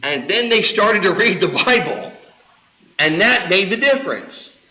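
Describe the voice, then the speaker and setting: A man's voice: high voice, expressive, a little slow, pushed and bright. A man preaching a sermon, explaining scripture in a conversational way with casual asides. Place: church auditorium. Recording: echoey church room.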